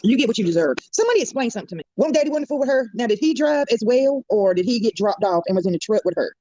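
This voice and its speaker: A woman's voice: fairly high pitch, animated, very fast, dark tone, dry recording, muffled recording. A woman drama commentator delivering a blunt, profane, scornful rant on a live stream.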